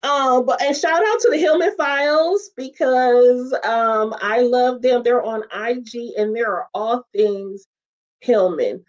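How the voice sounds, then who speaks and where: A woman's voice: on the high side, slow pace, dull audio. A woman hosting a casual livestream about sitcoms, chatting straight to viewers. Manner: animated, chatty, talks straight to viewers with "y'all" and "child". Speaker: host of a sitcom talk show.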